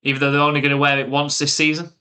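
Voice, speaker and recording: English guy commentating a game live and chatting with viewers, really bright tone. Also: fairly high pitch, completely flat delivery, rapid-fire. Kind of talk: live play-by-play and chat with viewers.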